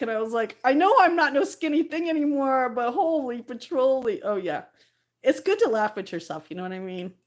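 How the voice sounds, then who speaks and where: This is a middle-aged woman talking loosely to her live-stream viewers. She rambles happily, breaks into laughter, and reads out comments along the way. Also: mid-range voice. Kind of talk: casual live-stream chat.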